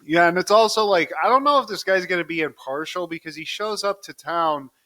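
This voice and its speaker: A man's voice: high voice, fairly quick, bright, forceful tone. A man co-hosting a podcast, recapping a cartoon episode in a casual, profane, joking way and keeping his co-host in the conversation.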